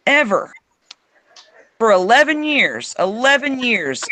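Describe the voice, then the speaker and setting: Man, bright and emphatic. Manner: emphatic, swings into high mock voices. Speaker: host. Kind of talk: casual political chat.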